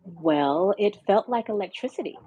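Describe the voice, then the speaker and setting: A woman speaking as a podcast guest, telling her story in a reflective, unhurried way over a video call. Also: medium pitch, expressive, dark tone, lo-fi sound, a little hiss or hum. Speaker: podcast guest and hypnosis practitioner. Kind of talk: casual conversational interview.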